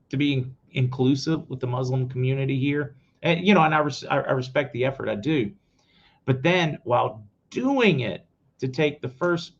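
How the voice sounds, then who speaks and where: A man hosting his own news commentary show, giving blunt opinions straight to his viewers. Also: medium pitch. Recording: slightly dull lo-fi audio.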